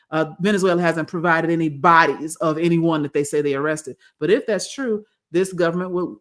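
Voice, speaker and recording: A woman co-hosting a podcast, chatting casually about politics in a rambling way, often restarting her sentences. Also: lowish voice. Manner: rambling, with restarts and quoted voices. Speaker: podcast co-host.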